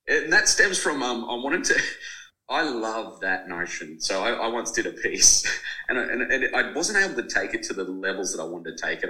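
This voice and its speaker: An Australian man talks in an interview with a low but very bright, forceful voice. He tells stories with animation and acts out the people he quotes, then reads passages from his own book. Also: poor audio. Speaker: author and journalist guest.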